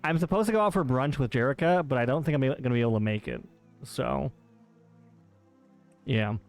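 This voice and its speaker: A man's voice: mid-range voice, a little fast, creaky, soft background music. A man streaming a game live, bantering and joking with his chat in a playful, teasing way.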